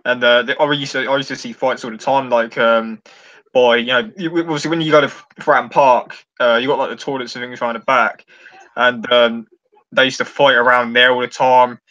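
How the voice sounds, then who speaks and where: A man's voice: medium pitch, steady tone, fairly quick, sharp tone. A man from the south of England with a southern English accent, chatting eagerly and rambling with fillers. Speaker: podcast guest. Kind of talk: casual chat. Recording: dull lo-fi sound.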